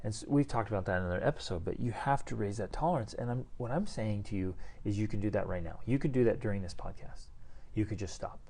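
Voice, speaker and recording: A man's voice: fairly low pitch, fast, mellow, slightly rough. A man in his forties co-hosting a casual parenting podcast. He talks bluntly and with emphasis, and acts out other people's voices in his stories. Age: 40s. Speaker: podcast co-host. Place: hotel room.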